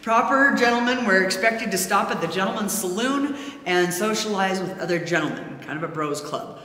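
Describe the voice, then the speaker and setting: A woman's voice: medium pitch, expressive, normal speed, fairly bright tone. A woman guiding a tour through an old hotel, chatting and telling stories with many fillers. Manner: chatty storyteller, many fillers, laughs easily. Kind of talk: casual guided tour talk. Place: inside an old abandoned hotel. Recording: echoey room, faint noise.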